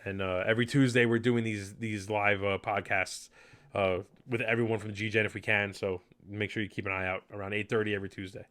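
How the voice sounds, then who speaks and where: A man's voice: fairly low pitch, little pitch movement, brisk, fairly bright tone. A man hosting a casual live podcast, chatty and enthusiastic, rambling with fillers. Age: adult. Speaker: podcast host.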